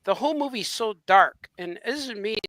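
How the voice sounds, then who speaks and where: A man's voice: sits high, expressive, normal speed, a bit bright, no room sound. A man on a podcast who eagerly agrees and gives his own opinions of the film. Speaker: podcast co-host. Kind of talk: casual movie review chat.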